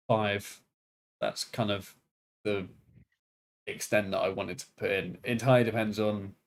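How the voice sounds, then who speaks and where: Low-voiced man explaining casually. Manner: relaxed, explains with plain everyday words. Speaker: streamer and animator. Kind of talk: casual chat on a stream.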